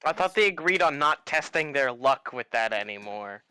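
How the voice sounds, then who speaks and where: A man's voice: medium pitch, animated, moderate pace, bright, forceful tone, slight background noise, poor audio. A man playing a tabletop game, confident and pushing his own plan. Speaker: player. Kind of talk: casual tabletop game talk.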